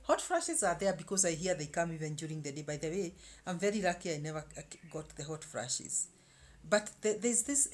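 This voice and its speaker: A woman in her fifties talking casually to camera as a vlogger, animated, with many repeated words and restarts. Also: lowish voice. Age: 50s.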